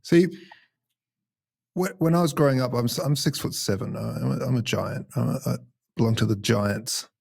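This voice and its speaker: A man's voice: mid-range voice, normal speed, creaky, a little mellow, breathy edge. A man co-hosting an interview show, telling stories in a rambling, self-deprecating way. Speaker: co-host. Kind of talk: casual conversation.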